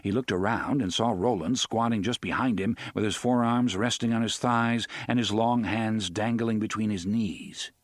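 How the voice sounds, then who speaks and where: In studio-quality audio free of echo, a man with a lowish voice delivers an audiobook narration at a steady, measured pace.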